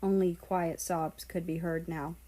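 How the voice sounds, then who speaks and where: A woman reading a fan fiction story aloud in a calm, measured way. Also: fairly low pitch. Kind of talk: audiobook narration.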